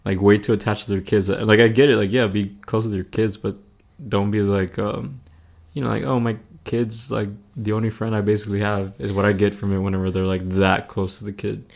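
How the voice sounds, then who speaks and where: A man's voice: on the low side, flat delivery, brisk, vocal fry, a little mellow. A young man as a podcast guest, chatting in an easygoing way, hedging often. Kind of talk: casual chat.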